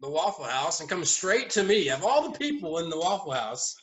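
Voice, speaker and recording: A man chatting casually at a round table, telling lively stories and laughing often as he goes. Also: on the high side, brisk, a crowd in the background, low-quality recording. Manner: animated storyteller, laughs often. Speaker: haunt owner, podcast regular. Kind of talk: casual storytelling chat.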